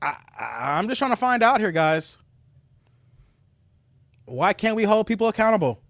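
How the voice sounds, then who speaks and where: A man from Chicago hosts a reaction livestream and talks straight to his viewers. His voice sits high for a man and swings widely in pitch. He is mocking and animated, and the sound is close and dry. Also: moderate pace, creaky, no room sound. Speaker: commentary show host.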